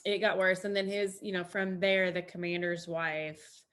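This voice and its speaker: A woman's voice: fairly low pitch, fairly even intonation, normal speed, fairly bright tone. A woman Army veteran, a guest, talking in a casual, rambling way with many restarts and fillers. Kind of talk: casual conversation.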